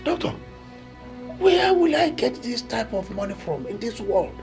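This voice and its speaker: Desperate Nigerian hunter; loud pleas, swooping pitch. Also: male voice, big pitch swings, measured pace, faint music behind, exaggerated voice. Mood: pleading. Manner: pleading, cries out loudly. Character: desperate poor village hunter, man. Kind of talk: Nollywood film acting.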